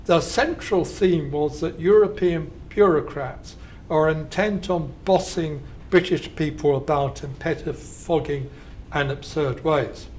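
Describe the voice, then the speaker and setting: A man reads his keynote lecture from a script, his voice sitting a little high for a man. He slows down and leans on the quotes, then drops into dry asides. Faint noise hums under the lecture hall. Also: a little mellow. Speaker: keynote speaker. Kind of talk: academic lecture read from a script.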